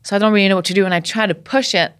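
A woman from Canada, a podcast guest, telling a story in a lively way, laughing often and acting out what people said. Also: medium pitch, very fast, clear, resonant tone. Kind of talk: casual storytelling.

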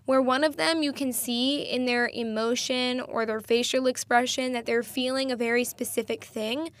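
A woman's voice: a little high, steady tone, moderate pace. A young woman hosting a solo podcast, chatting enthusiastically and laughing at herself now and then. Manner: chatty, enthusiastic, self-deprecating, laughs often. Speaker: podcast host.

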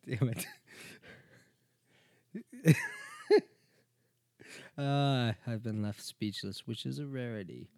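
A man's voice: mid-range voice, takes it slowly, pauses often, darkish tone, dry recording. A man hosting his own podcast, bantering playfully and mocking himself with his wife as a guest. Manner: playful, self-mocking, jumps into bits. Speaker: podcast host and creator. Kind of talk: casual comedic podcast banter.

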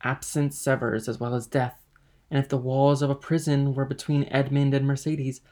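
A man's voice: medium pitch, little pitch movement, normal speed, a little mellow, natural voice. A man reading aloud, voicing a sly, mocking schemer who goads coolly. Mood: calm scheming.

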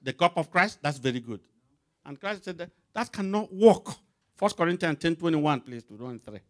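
A man's voice: on the high side, expressive, moderate pace. A man preaching a sermon with emphatic, rising and falling delivery, calling out scripture references for a reader to read aloud.

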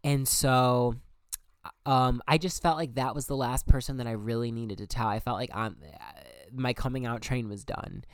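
A man's voice: medium pitch, moderate pace, clear, resonant tone, no room sound. A young man telling a personal story as a podcast host, candid and emphatic, swearing often. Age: young adult. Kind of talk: personal monologue.

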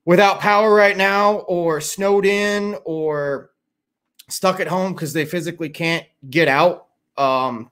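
A fairly high-voiced middle-aged man from Chicago, chatting on a livestream. He rambles loosely, sounds tired, and swears freely. He talks to his viewers in a loose, unscripted way. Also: fairly bright tone. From Chicago area. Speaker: livestream host. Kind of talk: casual livestream chat.

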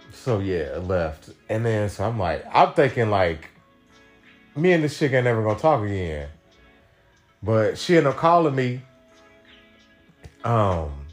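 A young man hosting a podcast, telling a rambling, profane story in a casual monologue, full of fillers and quoted voices. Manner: rambling, profane, fillers, acts out quotes with big pitch jumps. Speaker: podcast host.

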